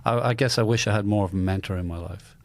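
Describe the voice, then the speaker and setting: A man who is a podcast guest, talking in a soft-spoken, heartfelt way. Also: fairly low pitch, quick pace. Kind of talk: casual conversation.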